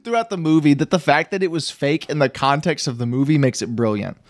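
A man's voice: a little high, fast, no echo. Rambling man recapping a movie, dry sound. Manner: rambling, laughing, many restarts. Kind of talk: casual chat recapping a movie.

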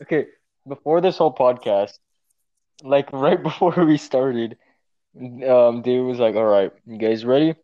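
A man's voice: medium pitch, unhurried, dry recording, muffled recording. A teenage boy chatting on a casual podcast, telling a story with lots of energy and some swearing. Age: teens. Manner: animated storytelling, swears often. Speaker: podcast co-host. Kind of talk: casual chat.

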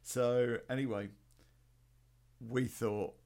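A man's voice: medium pitch, fairly even intonation, extremely slow, creaky, a little mellow. A man telling a rambling personal story in a casual, sweary way, full of ums and restarts. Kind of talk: casual spoken anecdote.

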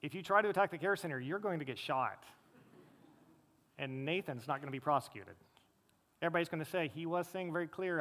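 A man preaching a sermon as pastor, emphatic, rising loud and dropping low and quiet for stress. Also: a little fast, long pauses. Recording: long reverb of a large hall.

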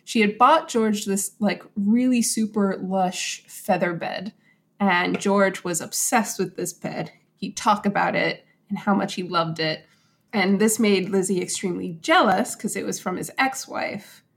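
A woman casually retelling a true story to a co-host, animated and acting out quotes in little voices. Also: mid-range voice, measured pace, gravelly. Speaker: podcast host.

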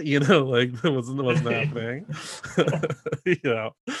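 A man hosting a casual chat, animated and laughing often, slipping into quoted voices. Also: medium pitch, measured pace, a little hiss or hum. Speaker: podcast host and theater performer.

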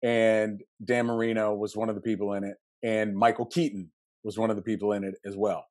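A man from Western Pennsylvania in his fifties with a Pittsburgh accent, a podcast guest telling animated, jokey stories. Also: on the low side, no echo, clean studio sound. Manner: animated storyteller, jokey, quick asides. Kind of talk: casual podcast interview.

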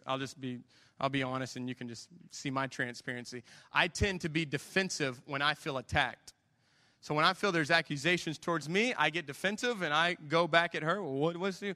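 A man's voice: on the high side, pushed and bright, big-room sound. A man, preaching a conversational sermon and acting out dialogue from his own stories. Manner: conversational, self-deprecating storytelling with acted-out dialogue. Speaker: pastor.

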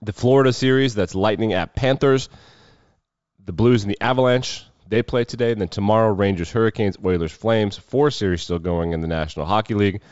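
Deep-voiced man, wry sports host. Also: brisk, darkish tone, clean tone, dry recording, lo-fi sound. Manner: off-the-cuff, wry and sardonic. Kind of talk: casual sports commentary.

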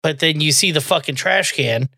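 A man's voice: on the high side, normal speed, gravelly, bright, forceful tone, no room sound. Dry-voiced, profane joking man. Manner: profane, joking, laughs often. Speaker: podcast co-host. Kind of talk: casual crude podcast banter.

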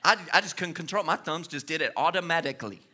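A man in his thirties preaching from the pulpit in a bright, high-pitched voice with a piercing edge to it. He keeps it animated and playful, tossing in jokes and quick asides as he goes. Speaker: pastor. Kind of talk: sermon.

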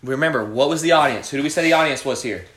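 A man's voice: mid-range voice, very fast, fairly bright tone. A man leading a youth Bible study, preaching and quizzing his students by name. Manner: preachy, asks the group questions, calls on students by name. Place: room with a student group. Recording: echoey room.

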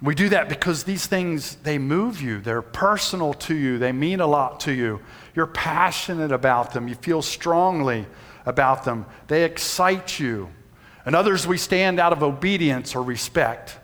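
Folksy pastor, big hall reverb. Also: male voice, fairly high pitch, expressive, a little slow. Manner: folksy storytelling, shouts when reenacting. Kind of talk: sermon with personal story. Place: church sanctuary.

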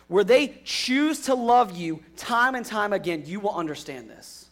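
A young adult man preaching a sermon in an earnest way, moving from emphatic lines to quiet, hushed ones. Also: sits high, animated, a little slow, hardly any pauses. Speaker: pastor.

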